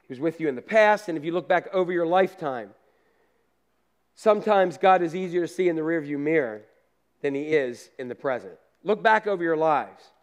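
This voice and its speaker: A man with a high, light voice preaches like he is telling a story to friends. He mixes plainspoken asides into the sermon and swings between loud bursts and quiet remarks. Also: lively intonation, brisk. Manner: conversational storytelling with down-to-earth asides. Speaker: pastor.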